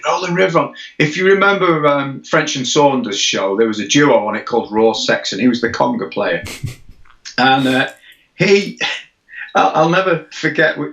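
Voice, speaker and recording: A man's voice: mid-range voice, expressive, moderate pace, fairly bright tone, lo-fi sound. A man who is a drummer, chatting casually and enthusiastically with his co-host. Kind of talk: casual chat.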